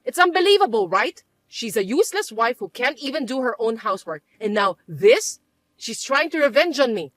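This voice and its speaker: Woman voicing a shrill bossy mother-in-law. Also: big pitch swings, moderate pace, fairly bright tone, no room sound. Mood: complaining. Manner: shrill, accusing, indignant. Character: scheming bossy middle-aged mother-in-law. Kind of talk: dramatized story voice acting.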